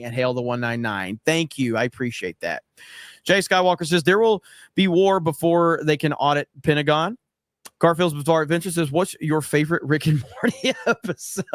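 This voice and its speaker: A man's voice: a little high, a bit bright, no echo, studio quality. A man hosting a casual livestream, reading viewer super chats aloud and ranting in a brash, profane, emphatic way. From United States.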